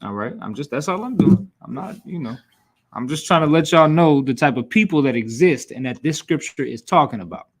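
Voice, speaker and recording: A man leads a scripture class in a blunt, scolding preacher's voice. He talks plainly and profanely to his listeners, and his pitch sits in the middle of the male range. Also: expressive, fairly quick. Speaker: class instructor.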